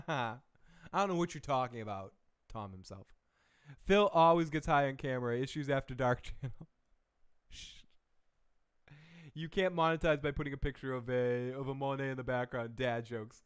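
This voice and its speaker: A man's voice: mid-range voice, moderate pace, long pauses, clean tone. A man hosting a live stream, rambling in casual chat with profane, chuckling asides. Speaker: show host.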